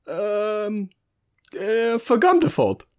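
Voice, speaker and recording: A man's voice: big pitch swings, extremely slow, full character voice. A man voicing an eager young woman who is a half-elf sorceress and the new mayor of a tabletop game town. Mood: excited. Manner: high, loud, eager and flustered. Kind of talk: playing a character in a tabletop game podcast.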